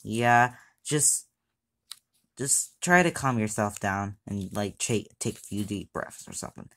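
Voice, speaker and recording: A woman voicing a calm, patient logo character who talks a tantrum kid down with soothing, hesitant reasoning in an amateur skit. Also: rumbling low, unhurried, pitched below the performer's own voice, exaggerated voice.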